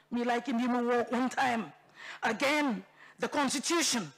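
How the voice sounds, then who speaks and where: Here a Bougainville MP with a Papua New Guinean accent rallies the chamber in a fiery, repetitive address. Her gravelly voice sits fairly high, and she keeps a measured pace.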